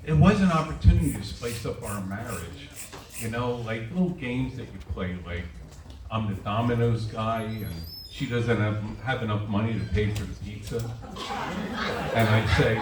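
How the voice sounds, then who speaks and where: At a moderate pace and fairly low pitch, a man in his sixties delivers self-deprecating stand-up to a live audience at a winery. His set was captured from the back of an echoey room by a tripod-mounted camera, with audience noise in the background.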